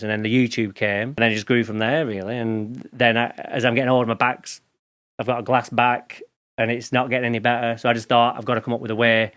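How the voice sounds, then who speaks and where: A man's voice: mid-range voice, fairly bright tone, smooth. A middle-aged man from England, a guest chatting casually in an interview, telling stories in informal slang. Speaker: podcast guest, lawn care expert.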